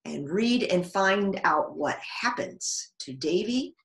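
A woman librarian reading a children's storybook aloud in a slow, expressive way. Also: lowish voice, gravelly. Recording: echoey room.

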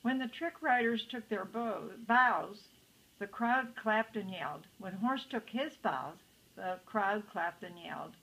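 A woman's voice: mid-range voice, a little slow, bright, forceful tone, low-quality recording. Older woman reading a picture book. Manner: chatty asides to young listeners. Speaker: storytime reader.

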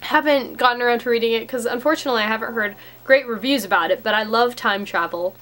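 A woman's voice: a little high, quick pace, fairly bright tone. A young woman vlogging about books she bought, talking casually and cheerfully to camera with lots of fillers, her voice slightly cracking. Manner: chatty, upbeat, filler-heavy. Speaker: book vlogger.

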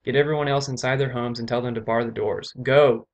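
Stern commanding earl, loud and firm, read by a male narrator. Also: medium pitch, steady tone, fast talker, highs cut off, lightly acted.

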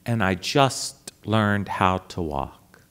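A priest quoting a shaken middle-aged woman in a quiet, halting voice. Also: low voice, expressive, voice pushed down, full character voice. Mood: grave. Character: grave, shaken middle-aged woman confiding bad news.

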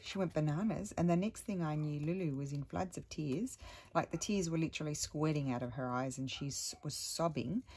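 A middle-aged woman chatting at home as a crafting vlogger, telling a rambling story with many restarts and sometimes dropping to a hushed voice. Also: low voice, fairly quick, husky. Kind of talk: casual chat while crafting.

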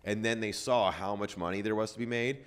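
A man's voice: lowish voice, a little fast. A man hosting a podcast, telling a story in loose casual chat with lots of fillers and swearing. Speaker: podcast host.

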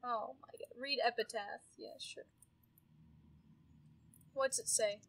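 A woman giving casual gameplay commentary, exasperated and often yelling at her characters. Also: on the high side, fairly even intonation, slow pace, slight background noise. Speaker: gameplay streamer.

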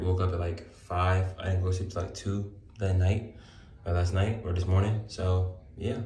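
A man's voice: low-pitched, mellow, a little hiss or hum. A young man casually vlogging from a hospital room, talking to his viewers in loose slang. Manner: laid-back, slangy, talks to viewers.

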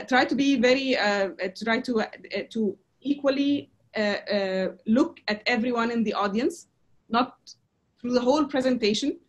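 A woman teaching presentation skills in a lecture, talking in a halting way with many fillers and restarts. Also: fairly high pitch. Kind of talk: lecture to a class.

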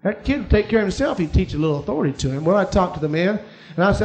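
A man with a high, light voice preaches to his congregation, telling a personal story. He swings from quiet, confiding asides to emphatic, rising declarations. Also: animated, very fast, faint music behind. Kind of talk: sermon.

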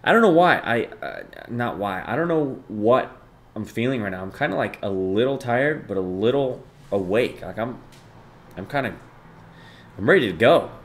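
A young man hosting a live stream, reading chat aloud and thanking viewers, jumping between loud bursts of excitement and low mumbled asides. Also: moderate pace. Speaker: livestreamer.

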